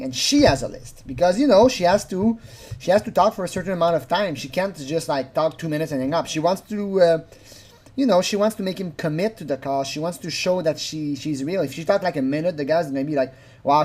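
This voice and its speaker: A man's voice: on the high side, darkish tone. A man giving casual, mocking commentary on a recorded phone call. He rambles and often restarts his sentences.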